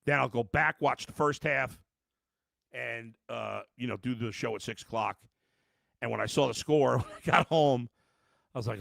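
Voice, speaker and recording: Gravelly, bright-toned fired-up sports host. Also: male voice, mid-range voice, normal speed, no echo. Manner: heated, emphatic ranting with repeated restarts; addresses viewers directly as folks. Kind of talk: live postgame reaction podcast.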